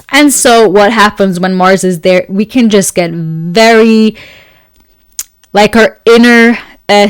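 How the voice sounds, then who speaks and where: A woman's voice: lowish voice, clean tone, dry recording. A woman astrologer giving a weekly forecast in a casual, chatty monologue, often searching for words with fillers and light laughs. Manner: speaks several languages.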